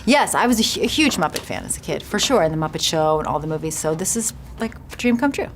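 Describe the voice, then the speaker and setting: A woman's voice: sits low, very animated, fast talker, slight background noise. A woman giving a casual press junket interview about her film, chatty, laughing often and restarting her sentences.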